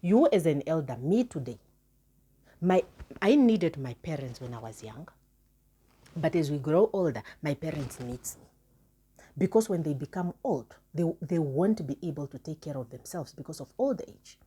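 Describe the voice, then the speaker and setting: A woman's voice: low voice, expressive, moderate pace, mellow, breathy edge. A woman vlogger giving an impassioned moral talk to her viewers, earnest and emphatic, repeating words for stress. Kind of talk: impassioned moral address to camera.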